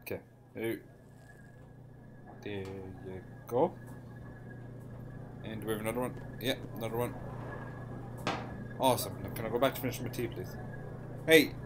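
A man's voice: mid-range voice, measured pace, pauses often, noisy background. An Irish man giving casual, jokey gameplay commentary with mock-bossy banter. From Ireland. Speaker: gaming YouTuber.

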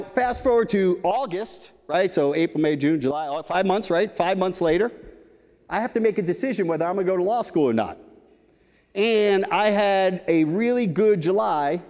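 A man in his fifties giving a conference talk, telling lively anecdotes with frequent "right?" asides. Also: high voice. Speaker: keynote speaker. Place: large conference hall stage. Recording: reverberant conference hall.

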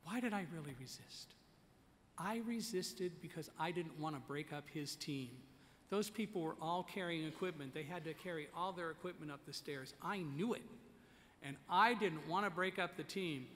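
Male keynote storyteller, high and bright, direct and commanding, reverberant hall. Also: fairly quick, a little hiss or hum. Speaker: keynote speaker. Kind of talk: storytelling speech to an audience. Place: conference hall. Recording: echoey conference hall.

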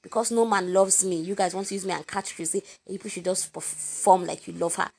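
A woman voicing a distraught young woman who feels mocked, in a high, loud, tearful protest. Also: fairly quick, gravelly, slightly rough. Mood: upset, pleading.

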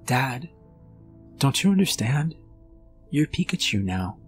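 A man voicing a young girl who speaks softly and earnestly to her father in a horror story narration. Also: mid-range voice, big pitch swings, slow pace, soft background music, pitched above the performer's own voice. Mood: urging.

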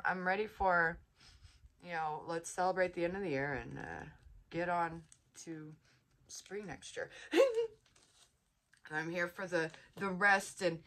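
A woman chatting casually as she unboxes a subscription box, bubbly and gushing with excitement. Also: on the low side. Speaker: vlogger.

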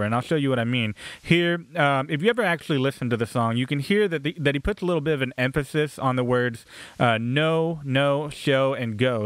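A man's voice: medium pitch, no echo. A man giving a recorded lecture on rhyming, explaining casually with many fillers and restarts. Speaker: music instructor.

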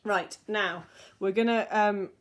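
Gentle woman guiding a vocal warm-up. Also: mid-range voice, steady tone. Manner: gentle, soothing, slow guiding instructions. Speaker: voice teacher. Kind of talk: guided vocal warm-up lesson.

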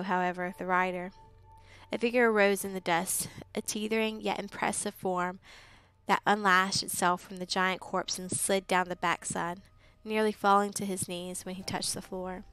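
A woman reads a fantasy novel aloud in a steady, level narration, keeping her pitch flat. Her voice is smooth and clear, and quiet music plays underneath. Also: poor audio. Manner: steady, even reading with occasional slips. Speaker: audiobook reader. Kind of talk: live book reading narration.

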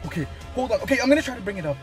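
Excitable high-voiced young man vlogging. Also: rapid-fire, over loud music. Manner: excitable, keeps exclaiming and addressing viewers. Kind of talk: excited live commentary.

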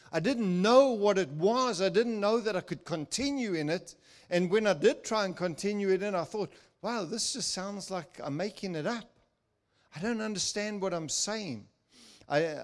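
Older man, fairly high voice, lively preacher, laughs through his story, acts out voices. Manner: animated, laughing storyteller who acts out quotes. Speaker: guest speaker. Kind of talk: sermon with personal storytelling. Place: church.

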